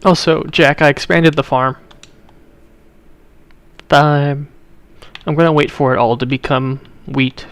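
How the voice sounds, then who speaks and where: A man's voice: fairly high pitch, fairly even intonation, slow, long pauses, clean tone, dry recording. A young man streaming a video game, chatting casually and bluntly with his viewers. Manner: blunt, opinionated, talks to chat viewers. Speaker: livestreamer. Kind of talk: casual chat while playing a video game.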